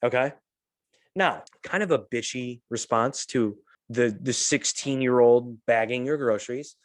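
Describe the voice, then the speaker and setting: On his podcast, a middle-aged man with a mid-range voice shares stories in casual talk at a measured pace. The delivery is lively, with free swearing and dramatized quotes.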